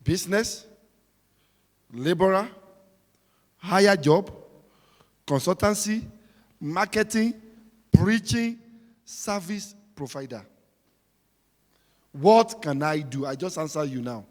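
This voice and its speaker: A man preaching a sermon, emphatic and repetitive, swinging between shouting and quiet talk. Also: high-pitched, animated, takes it slowly, long pauses, long reverb tail.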